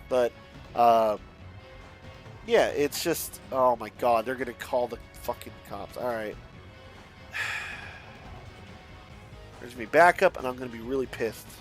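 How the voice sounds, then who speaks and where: A young man from a Mexican family, a streamer chatting casually and rambling, swearing often and restarting his sentences. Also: mid-range voice. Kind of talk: casual rambling chat while playing a driving game.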